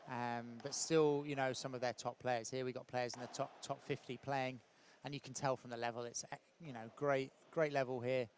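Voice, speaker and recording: A man giving relaxed, chatty live commentary on a padel match, with frequent ums and small laughs. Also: medium pitch, moderate pace, few pauses, a little hiss or hum.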